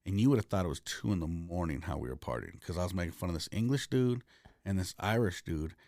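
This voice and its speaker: A man's voice: sits low, animated, fast, darkish tone, dry recording. A man, a comedian, talking candidly as a podcast guest in a recording studio, telling blunt, profane stories.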